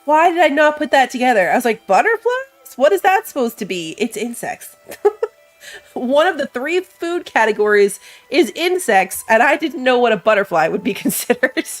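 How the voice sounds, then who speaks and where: A woman's voice: high voice, animated, normal speed. A woman with a stuffy nose from allergies gives casual let's-play commentary. She thinks aloud as she plays, reads game text, and laughs at herself. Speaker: gamer. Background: game music.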